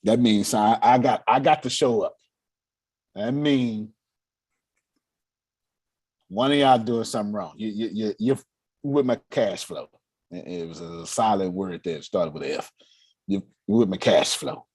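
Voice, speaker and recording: A man leading a motivational meeting on money and cash flow, animated and laughing as he acts out quotes. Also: on the low side, a little slow, long pauses, breathy edge. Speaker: finance coach leading a meeting. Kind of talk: motivational talk.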